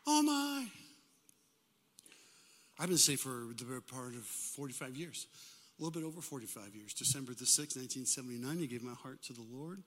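An older man, a pastor, preaching a lively sermon to his congregation and calling for responses from them. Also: medium pitch, quick pace. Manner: animated, call-and-response preaching. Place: church sanctuary. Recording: hall reverb.

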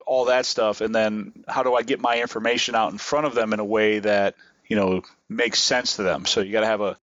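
Low-voiced man in dull, dry podcast audio. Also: steady tone, a little fast, fairly bright tone, no room sound. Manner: rambling, explanatory, many restarts. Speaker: podcast co-host. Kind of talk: casual podcast chat.

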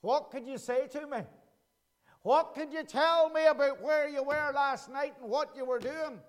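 Pastor preaching, really high voice for a guy, repeats questions slow n earnest. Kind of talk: sermon.

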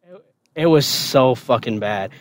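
A man's voice: mid-range voice, animated, unhurried, slight background noise. A man casually telling a story on a podcast, swearing often and laughing.

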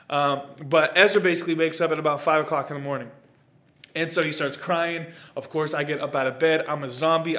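A young man preaching a sermon, telling a personal story with big swings from hushed to loud. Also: on the high side. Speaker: pastor. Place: church stage or studio, preaching to camera.

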